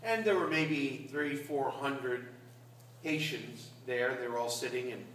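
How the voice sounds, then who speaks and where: A man's voice: mid-range voice, measured pace, fairly bright tone, slight background noise. A man, a priest, preaching a sermon in a conversational storytelling way that rises to emphatic peaks. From Catskill Mountains, New York. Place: large church. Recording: echoey church from far off.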